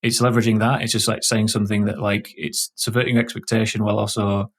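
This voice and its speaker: A man with a Yorkshire accent talks things through as a podcast guest, in a fairly low voice. He is thoughtful and halting, often restarting mid-sentence in a casual chat. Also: little pitch movement, slightly rough. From Yorkshire, England. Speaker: game developer guest.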